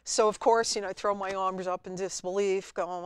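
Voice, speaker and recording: A woman guest at a college TV studio, telling her story in a lively way and acting out her own past words. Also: medium pitch, moderate pace, few pauses, clean tone, dry recording. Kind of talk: storytelling interview.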